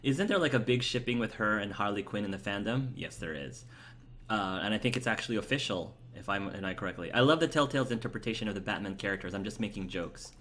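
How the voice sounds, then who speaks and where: A man's voice: lowish voice, expressive, fast, a bit bright, a little hiss or hum. A man chatting casually and enthusiastically while playing a video game and answering his chat, rambling with fillers. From United States. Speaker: let's play host. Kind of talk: casual gameplay commentary, reading chat aloud.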